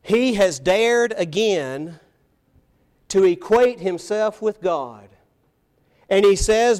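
A man with a high voice delivers a sermon from the pulpit. He talks emphatically and presses his points with rhetorical questions. His volume swings between loud declarations and quiet asides. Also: animated, slow, long pauses. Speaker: preacher. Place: church, evening service.

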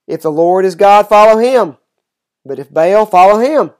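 Fierce, defiant prophet, declaiming and climbing to loud mocking cries, as a reader puts him on. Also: medium pitch, animated, moderate pace, lightly acted. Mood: commanding. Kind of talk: scripture reading aloud.

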